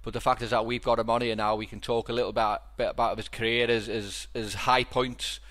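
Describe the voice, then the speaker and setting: Middle-aged Liverpool man, podcast host, relaxed rambling storyteller, mid-pitched voice. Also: fairly quick. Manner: rambling storyteller with many restarts. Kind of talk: casual chat.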